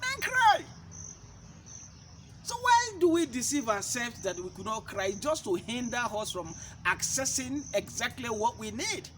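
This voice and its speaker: High, bright-voiced man preaching. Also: slight background noise. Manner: asks rhetorical questions to listeners; emphatic, repeats key points. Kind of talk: sermon-style teaching.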